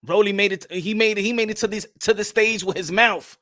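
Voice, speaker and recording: High, sharp-voiced man hosting a boxing stream, a native Spanish speaker, loud and repetitive. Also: a little fast, dry recording, clean studio sound. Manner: profane, hyped, loud and repetitive. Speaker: boxing show host. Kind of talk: livestream rant and chat shout-outs.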